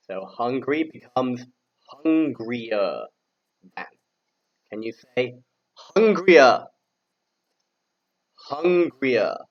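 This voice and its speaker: A man's voice: on the low side, lo-fi sound. A man from the UK teaching English grammar to learners, speaking patiently, spelling out letters and repeating words for them to say back. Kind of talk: slow, clear classroom instruction for learners.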